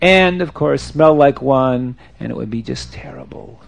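A man telling a story aloud in an animated way, asking his listeners questions. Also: medium pitch, unhurried, creaky.

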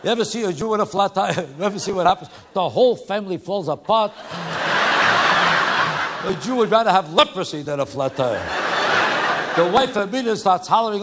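Animated male stand-up comic. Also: high-pitched, brisk. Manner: punchy, animated joke delivery. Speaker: stand-up comedian. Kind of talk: stand-up comedy routine. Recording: noisy live recording.

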